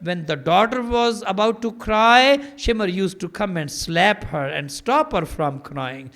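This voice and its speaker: A man's voice: high voice, animated, measured pace, few pauses, fairly bright tone. A man preaching an impassioned mourning sermon, telling stories and building to fervent, grief-laden emphasis. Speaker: maulana preaching at a mourning gathering.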